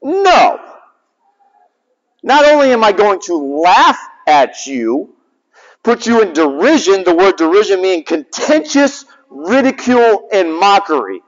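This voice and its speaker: A man in his forties, a chaplain giving a sermon, telling a story with big swings between loud and soft. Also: high-pitched, sing-song, a little slow. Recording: dull sound with long hall reverb.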